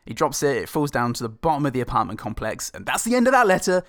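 A man's voice: mid-range voice, big pitch swings, quick pace, dry recording. Laughing man in a dry-sounding room. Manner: laughing, dry jokey asides. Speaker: podcast co-host. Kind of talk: casual film-review chat.

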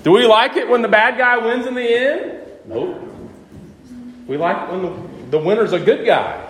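Preaching with a high-sitting voice at a normal pace, this man keeps asking his audience questions and pounds his points home with lively emphasis. The recording carries a little hiss or hum in an echoey room with faint ambience.

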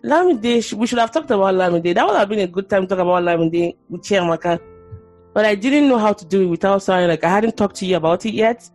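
A woman's voice: medium pitch, fast, a little mellow, soft background music. A woman hosting a podcast, speaking earnestly and reflectively and thinking aloud as she talks. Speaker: podcast host. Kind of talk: candid conversation.

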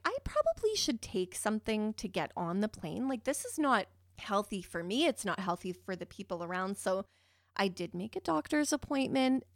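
A woman podcast host telling a personal story in a casual, animated, profane and self-mocking way, often jumping in pitch and volume. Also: dry recording, clean studio sound.

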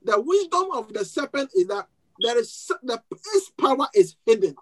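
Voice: medium pitch, sing-song, moderate pace, poor audio. A pastor with a foreign accent preaching a sermon to a congregation, asking them questions and repeating key words. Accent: non-native accent. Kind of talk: sermon with call and response. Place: church service before a congregation.

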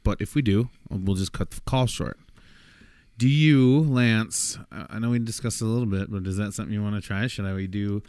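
Male podcast co-host, casual and rambling, swears freely, lower voice with a crisp dry sound. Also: brisk, darkish tone, no room sound.

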